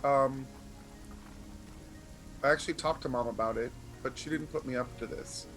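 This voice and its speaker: An earnest, plain-spoken sibling who keeps pressing the point, as a man plays it. The voice sits in an ordinary middle pitch, with faint music and rain behind. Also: normal speed, fairly bright tone, natural voice. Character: earnest, steady sibling sent by Mom. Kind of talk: live tabletop role-play.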